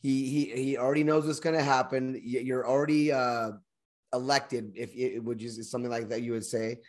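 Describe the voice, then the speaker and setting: A man in a casual discussion, thinking aloud in halting, restarting sentences. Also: mid-range voice, level tone.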